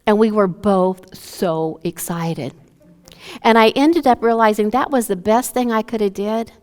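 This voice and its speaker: A woman's voice: mid-range voice, clear, resonant tone. A woman pastor preaching a sermon and telling a story, acting out the lines of both speakers. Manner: storytelling, acts out dialogue with her dad. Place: church sanctuary. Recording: long church hall reverb.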